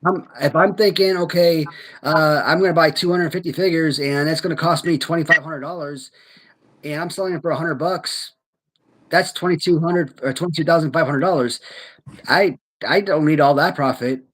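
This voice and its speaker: Hesitant man thinking out loud. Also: fairly high pitch, moderate pace, low-quality recording. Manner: thinking aloud, hesitant, many fillers. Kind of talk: casual chat.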